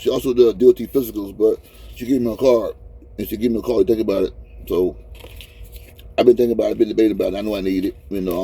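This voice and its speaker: A slightly rough, dark voice pitched fairly low comes from a truck driver vlogger in his fifties. Crying as he speaks from his cab, he rambles and repeats himself in a heartfelt, casual, emotional vlog.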